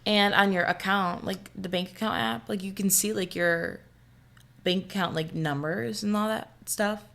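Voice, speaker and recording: A woman's voice: mid-range voice, fairly even intonation, normal speed, vocal fry, fairly bright tone. A young woman co-hosting a podcast, telling a story in casual chat full of fillers and swearing. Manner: profane, rambling storytelling with constant fillers. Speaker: podcast co-host.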